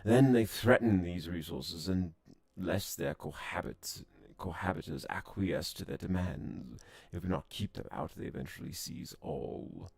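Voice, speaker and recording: A man voicing a proud, wary alien envoy from a space game, reading its lines in a formal, measured way. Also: low-pitched, gravelly, a little mellow, slightly rough, dry recording, exaggerated voice. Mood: stern. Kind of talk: reading game dialogue aloud.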